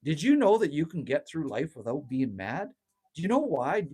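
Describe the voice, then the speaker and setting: Casual host, middle-aged man, rants and swears freely, animated and a little raspy. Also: a little high, moderate pace. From Canada. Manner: rambling, ranting, swears freely. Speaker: livestream host. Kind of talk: casual livestream chat, reading viewer comments aloud. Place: outdoors at a cabin. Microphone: phone livestream.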